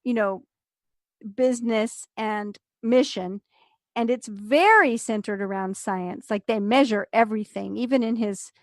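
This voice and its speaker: High-voiced woman telling a story. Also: a little slow, no echo, clean studio sound. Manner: animated storyteller, acts out quotes with laughs. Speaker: podcast co-host. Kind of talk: casual chat retelling a story.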